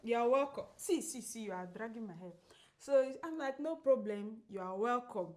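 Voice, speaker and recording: A woman co-hosting a podcast who tells a story in casual chat, acting out the quoted lines and laughing often. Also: normal speed. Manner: animated, acts out quoted dialogue with big pitch jumps; laughs often while telling. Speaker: podcast co-host.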